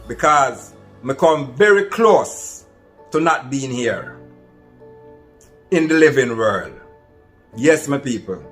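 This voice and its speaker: A man's voice: medium pitch, a bit bright. A man with a Jamaican accent tells a true story to his viewers in an earnest, casual way and calls them "my people". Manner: earnest, addresses listeners as "my people". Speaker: vlogger. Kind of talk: casual first-person storytelling.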